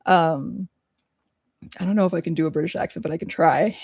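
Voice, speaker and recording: A young woman streamer reading a story game aloud and reacting excitably, with laughing asides and loud outbursts. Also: sits low, fairly quick, gravelly, breathy edge, no echo, studio quality.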